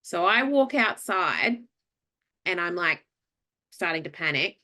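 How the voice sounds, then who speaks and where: Lively Australian woman telling a story. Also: fairly low pitch, slow pace. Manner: animated storyteller, acts out quoted voices, many fillers. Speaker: podcast co-host. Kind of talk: casual storytelling chat.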